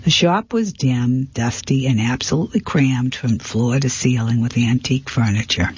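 A man narrating a first-person mystery story in a steady, plain manner, on a dull, lo-fi recording. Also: medium pitch, moderate pace, slightly rough. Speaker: audiobook narrator. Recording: dull, lo-fi, dry.

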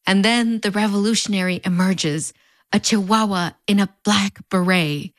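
A woman's voice: medium pitch, moderate pace, no echo, clean studio sound. A woman with a fronterizo border accent, narrating a scripted video essay in a wry, conversational way with playful sarcastic asides. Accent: fronterizo Mexican border Spanish-influenced English.

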